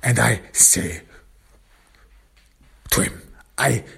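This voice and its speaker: A man narrating a dark first-person story, intense and angry, often dropping into whispers. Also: medium pitch, very slow, vocal fry, breathy edge.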